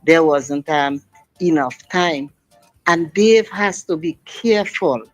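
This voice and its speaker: Woman, middle-aged, radio caller, phone line, impassioned, emphatic, run-on sentences, faint music behind. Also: sits low. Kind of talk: call-in radio talk.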